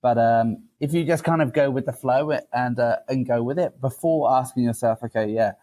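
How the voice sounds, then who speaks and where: A man's voice: medium pitch, moderate pace, mellow, low-quality recording. A man hosting a podcast interview, talking casually with frequent restarts and fillers. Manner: hesitant, many fillers and restarts. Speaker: podcast host.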